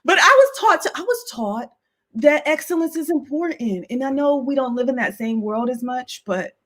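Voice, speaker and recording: A woman's voice: high-pitched, animated, moderate pace, fairly bright tone. A woman hosting an interview show, talking in a thoughtful, casual way with frequent fillers. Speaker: host.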